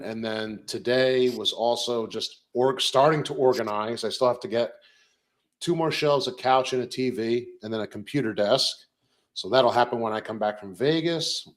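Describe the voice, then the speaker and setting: A young man co-hosting a podcast, chatting casually in a relaxed, rambling way with many fillers. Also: medium pitch. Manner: easygoing, rambling recaps with fillers. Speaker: podcast co-host.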